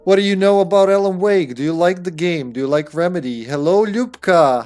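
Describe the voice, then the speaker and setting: A man's voice: high voice, a little fast, hardly any pauses, darkish tone. A man hosting a live game stream from a room at home, greeting his chat by name in a casual, upbeat way with some swearing. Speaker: streamer and host.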